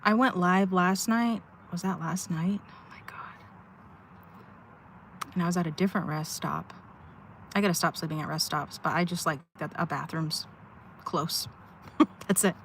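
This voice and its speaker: Livestreaming from her car at a rest stop, a woman vents candidly, rambling and sighing as she pours out her feelings. Her voice sits lowish and fairly bright, at a normal speed, with slight background noise.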